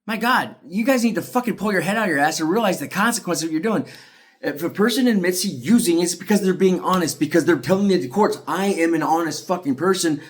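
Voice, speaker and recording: A frustrated man from ranting to camera in a heated, profane monologue, swinging between shouting and tired muttering. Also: sits high, animated, fast talker. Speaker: parent speaking out about a custody case. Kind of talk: angry ranting video monologue.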